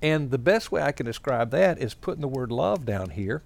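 A man preaching in an easy, conversational way, with plenty of pauses and small fillers. His voice sits in an ordinary middle register. He works through his points step by step as he draws a diagram. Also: mid-range voice, sing-song, creaky. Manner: explains points while drawing a diagram. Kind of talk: sermon with storytelling.

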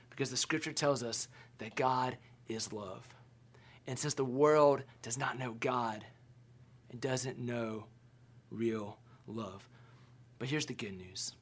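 A man in his thirties preaching a sermon as pastor, telling stories conversationally with stammered restarts and quiet, softened key lines. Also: a little high. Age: 30s.

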